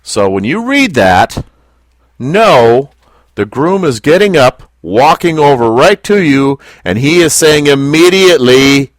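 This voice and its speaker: A man leads a Bible lesson with a lively, rising and falling voice. He speaks slowly and deliberately and often stops to ask his listeners questions. The sound is dry and close, with no room echo. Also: a little high. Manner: slow, deliberate, asks the class questions. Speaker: Bible teacher. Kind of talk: Bible teaching to a small group.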